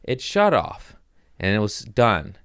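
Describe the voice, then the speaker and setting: A young man hosting a podcast, hoarse from screaming and sore, telling comedic stories in a casual chat. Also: lowish voice, huge pitch swings, takes it slowly, fairly bright tone, no echo, clean studio sound. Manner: laughing through pain, sore and winded. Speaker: podcast host.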